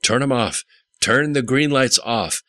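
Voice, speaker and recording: A man reading an audiobook, voicing a tense, jittery young male hacker with a squeaky, anxious edge. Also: measured pace, bright, forceful tone, dry recording. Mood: urgent. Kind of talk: audiobook character voice.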